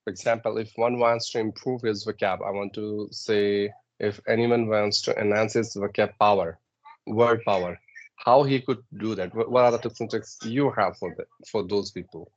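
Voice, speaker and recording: A man's voice: on the low side, steady tone, moderate pace, muffled recording. A man, a podcast guest explaining pronunciation tips step by step, with frequent "uh"s and "right?" checks. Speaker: guest giving English tips. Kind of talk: instructive podcast chat.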